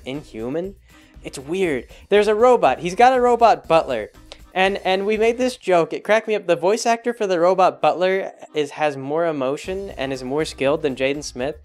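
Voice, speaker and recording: A young man with a fairly high voice talks casually as a blog host. He rambles and hesitates, restarting his sentences often, while faint music plays underneath. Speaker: blog host reviewing a show. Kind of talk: casual chat.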